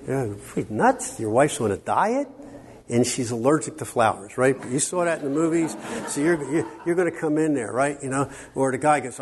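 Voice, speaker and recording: A middle-aged man teaching a workshop on counseling to a live audience. He talks in an animated, joking way and quizzes the listeners with questions. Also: medium pitch, moderate pace, slightly rough. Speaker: workshop speaker on biblical counseling. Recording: long hall reverb, faint background noise.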